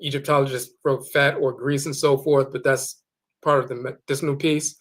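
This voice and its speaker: A man giving an explanatory lecture, reading and slowly sounding out dictionary entries, repeating words for emphasis. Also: mid-range voice, level tone. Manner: carefully sounding out foreign words. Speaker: teacher of Akan spiritual tradition.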